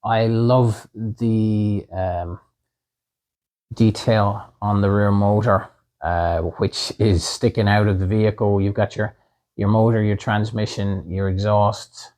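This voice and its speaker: A man hosting a casual slot car review, upbeat and pausing often with "um" and "uh". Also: lowish voice, little pitch movement, a little mellow. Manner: upbeat, many "um" and "uh" fillers.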